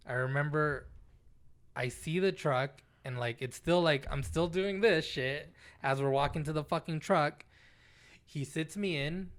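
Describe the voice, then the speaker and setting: A young man co-hosting a podcast, telling a story in casual chat, swearing freely and acting out what people said. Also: mid-range voice. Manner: animated, swears freely, acts out quotes. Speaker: podcast co-host.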